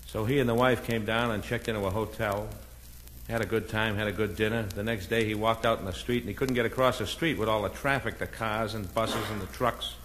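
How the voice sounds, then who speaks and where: A man's voice: steady tone, fairly bright tone. A comedian from Boston with a Boston accent, telling a string of stand-up jokes and punchlines, raising his voice when he plays the characters. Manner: brisk storytelling with punchlines, voices the characters with a raised pitch. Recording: old comedy record with a noisy background.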